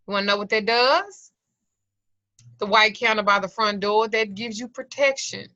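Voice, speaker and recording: Woman, middle-aged, profane joking teacher, tense bright tone, muffled lo-fi video call. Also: medium pitch, moderate pace, no echo. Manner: profane, joking storyteller who acts out voices. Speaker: occult class teacher. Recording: dull lo-fi video call audio.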